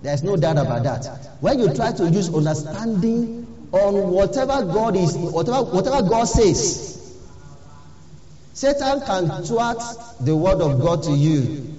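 A man's voice: high-pitched, big pitch swings, unhurried, dark tone. A man preaching a sermon as pastor, earnestly urging his listeners and repeating key phrases. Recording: echoey hall, dull lo-fi sound.

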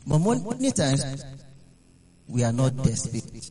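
A man preaching a sermon, halting and repeating phrases for emphasis. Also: medium pitch, big pitch swings, mellow.

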